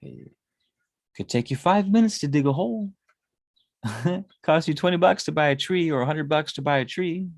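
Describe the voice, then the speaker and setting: A man's voice: on the high side, expressive, normal speed, gravelly, pauses often, no room sound. A man in his thirties, a tarot reader, talking in a casual, rambling monologue and swearing often. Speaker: tarot reader and spiritual consultant.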